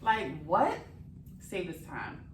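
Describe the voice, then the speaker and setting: A young adult woman vlogger telling a travel story in casual chat, animated and swearing freely, recorded in a hotel room. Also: lowish voice, slow, a little hiss or hum. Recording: echoey room, camera at a distance.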